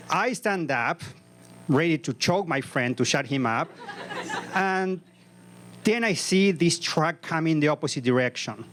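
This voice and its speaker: A man's voice: a little high, expressive, unhurried, fairly bright tone. A man in his fifties performing a live comic story on a comedy club stage, with vivid, punchy narration into a stage microphone.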